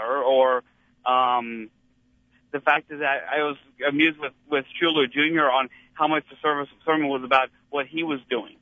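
A man calling into a talk show, speaking haltingly with some amusement. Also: a little high, fairly even intonation, no room sound. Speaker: caller. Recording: tinny phone line.

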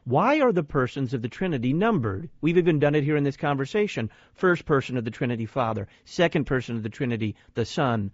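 Man, radio host, deliberate broadcast delivery, close dry studio mic, slightly muffled sound. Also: medium pitch, animated, no room sound. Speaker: radio talk show host. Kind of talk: radio hosting and announcements.

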